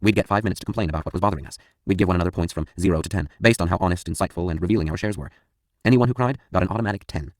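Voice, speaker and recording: A man reading a first-person audiobook in a brisk, matter-of-fact way. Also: sits low, a little mellow, no room sound, studio quality. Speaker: audiobook narrator.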